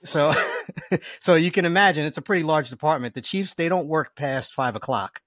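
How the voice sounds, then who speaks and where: A man, a detective who hosts the show, telling a story in a relaxed, casual way. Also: on the high side, moderate pace, dry recording. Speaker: detective, podcast host. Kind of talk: casual podcast interview.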